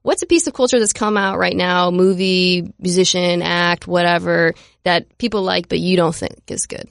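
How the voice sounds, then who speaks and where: A woman hosting a sports podcast in casual chat, playful and chatty with quick asides. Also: lowish voice, fairly even intonation, gravelly, no echo, studio quality. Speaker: podcast host.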